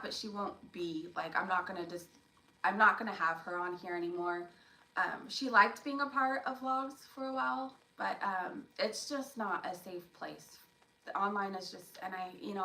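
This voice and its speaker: A woman's voice: medium pitch, pushed and bright, reverberant, recorded from a distance, rough recording. A young woman hosting a casual live stream from home, chatting with her viewers by name and rambling from one topic to the next. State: coughing after choking.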